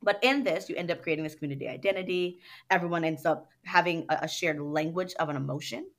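A woman guest in a casual interview, telling stories in an animated way and acting out what others said. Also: fairly low pitch, quick pace. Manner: animated storyteller who acts out what others said. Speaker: guest, dance studio owner.

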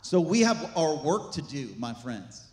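A man preaching a sermon as pastor, animated, with asides and jokes to the congregation. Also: on the high side, measured pace. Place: church sanctuary. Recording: echoey church hall.

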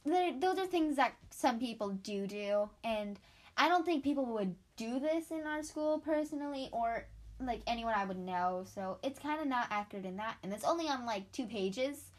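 A teenage girl co-hosting a casual book review chat, speaking in halting, hesitant phrases. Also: on the high side, animated. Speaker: co-host.

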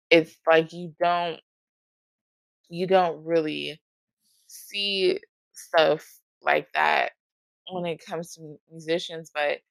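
A woman talking casually and emotionally about music, swearing often, with a gravelly voice. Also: deep voice, dry recording, rough recording.

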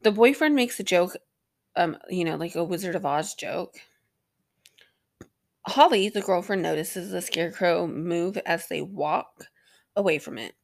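A woman's voice: lowish voice, measured pace, gravelly, pauses often, no room sound. A young woman hosting a podcast, recapping an episode in a rambling, sarcastic way with plenty of swearing and filler words. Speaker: podcast host.

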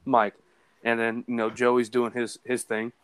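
A man's voice: mid-range voice, monotone, unhurried, clean tone, no room sound. A young man co-hosting a casual podcast chat, talking earnestly and rambling with fillers. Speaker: podcast co-host.

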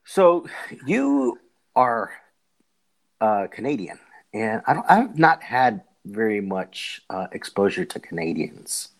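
A man's voice: on the low side, big pitch swings, slow pace. Rambling older male podcast host. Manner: rambling, repeats words, easy laughs. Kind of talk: casual interview chat.

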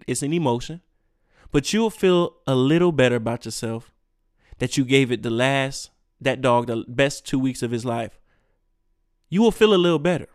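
A man ranting on his own podcast, profane and emphatic, swinging between loud outbursts and quiet asides. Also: medium pitch, dry recording, clean studio sound. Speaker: podcast host. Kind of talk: solo ranting podcast monologue.

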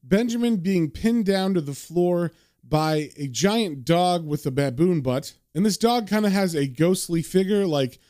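A man's voice: high voice, measured pace, warm tone, dry recording, studio quality. A man casually narrating and recapping a comic book story, with a chatty manner full of fillers.

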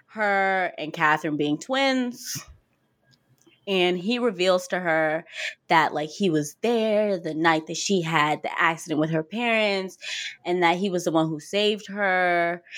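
A woman co-hosting a podcast, recapping a TV episode in casual chat, telling it with animated quotes and swearing freely. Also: fairly low pitch. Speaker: podcast co-host.

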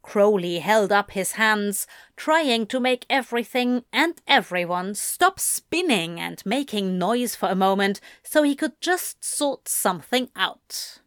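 A woman narrating a fan fiction story aloud with measured, expressive delivery. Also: medium pitch, smooth, no room sound, studio quality. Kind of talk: audiobook reading of fan fiction.

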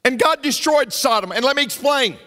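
Male pastor, sermon delivery, high and animated voice, emphatic and repetitive, with a long hall reverb. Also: brisk. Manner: emphatic, repetitive preaching with frequent asides to the congregation.

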